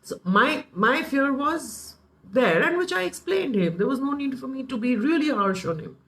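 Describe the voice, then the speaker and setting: A woman in her thirties with an Indian English accent, pitched a touch high, spinning animated family anecdotes in a casual parenting talk. She slips into the voices of her relatives as she goes. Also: moderate pace, low-quality recording. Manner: animated storytelling, acts out quoted family members. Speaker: parenting speaker. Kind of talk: informal talk with personal anecdotes.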